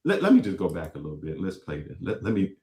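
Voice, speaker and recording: A man's voice: low-pitched, huge pitch swings, fast talker, darkish tone. A man hosting a show, giving emphatic reaction commentary on clips and repeating phrases for effect. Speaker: show host. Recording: echoey room.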